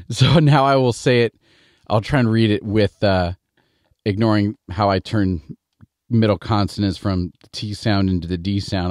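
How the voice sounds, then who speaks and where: A middle-aged man with a Midwestern American accent reads nursery rhymes aloud for a bedtime story show. His voice sits on the low side. He chats between readings and corrects himself as he goes, and the sound is dry and close. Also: a little fast, a little mellow, no echo. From Midwestern United States. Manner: chatty, explains himself, self-correcting. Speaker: storytelling host.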